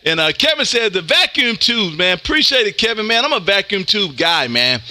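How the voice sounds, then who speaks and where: Loud, high, bright Texas ham operator. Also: male voice, normal speed, few pauses, dry recording, clean studio sound. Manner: loud, energetic, says "man" constantly. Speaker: ham radio operator streaming live. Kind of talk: on-air radio contacts and chat. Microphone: close studio mic with headphones.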